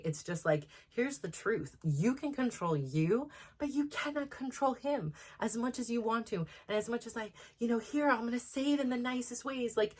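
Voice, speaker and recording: A middle-aged woman hosting a personal talk, speaking frankly and emotionally, rambling with lots of "like" fillers. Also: mid-range voice. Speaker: host.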